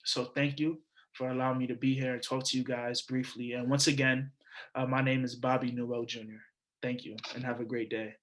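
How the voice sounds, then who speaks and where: A man's voice: mid-range voice, little pitch movement, brisk, a bit bright, rough recording. A young man from New York City, a student leader giving an upbeat, encouraging talk to prospective students over a video call. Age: young adult.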